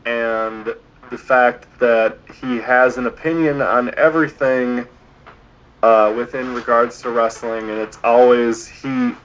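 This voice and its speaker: Opinionated podcast co-host, rambling casual delivery, muffled lo-fi recording. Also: male voice, mid-range voice, fairly bright tone. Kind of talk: casual chat. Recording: dull lo-fi podcast audio.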